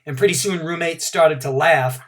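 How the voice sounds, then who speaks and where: A man, a teacher, reading a children's storybook aloud in an animated, expressive way. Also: on the high side, normal speed, very noisy.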